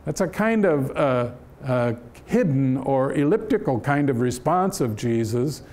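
A man giving a Bible-study lecture in a church, explaining the text in a measured way with frequent "uh" fillers. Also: medium pitch, animated, darkish tone. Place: church hall.

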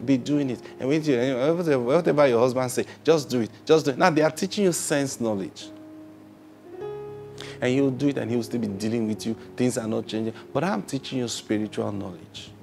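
Animated male preacher, faint music behind. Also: medium pitch, fairly quick, creaky. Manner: animated, rhetorical questions, acts out quotes; repeats phrases, answers own questions. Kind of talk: sermon.

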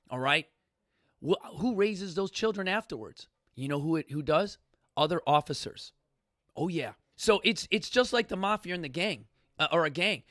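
A man hosting a talk show, worked up and ranting, with a high, bright, forceful voice. He trips over his words and restarts often. The sound is dry and close. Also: dry recording. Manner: fired-up, ranting, profane, many restarts. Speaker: podcast host. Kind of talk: impassioned casual talk.

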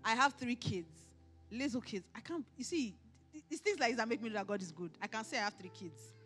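A middle-aged woman pastor with a Nigerian accent, preaching emphatically at a conference and often raising her voice to a shout. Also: a little high, a little fast, music in the background. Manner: emphatic, animated preaching with rising shouts and mimicry. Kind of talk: conference sermon. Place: conference hall.

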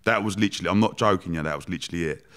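A man telling stories as a podcast guest, animated, laughing often and swearing freely. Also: low-pitched, racing. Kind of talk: casual storytelling chat.

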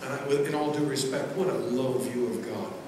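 A man preaching a sermon as pastor, swinging between loud proclamations and quiet asides. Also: medium pitch, brisk. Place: large church sanctuary. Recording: echoey church hall from far off, noisy.

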